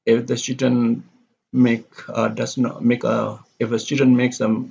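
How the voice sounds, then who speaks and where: Gravelly-voiced male lecturer, lo-fi. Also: mid-range voice, flat delivery, a little mellow. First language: Indonesian. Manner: halting, with frequent fillers and self-corrections; speaks deliberately, explaining step by step. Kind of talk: recorded lecture. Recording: dull lo-fi recording.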